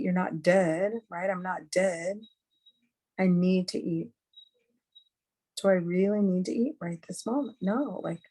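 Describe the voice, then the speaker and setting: On a video call, a middle-aged woman gives a candid, chatty teaching talk as a webinar speaker, earnest and full of fillers. She has a lowish voice with a darkish tone.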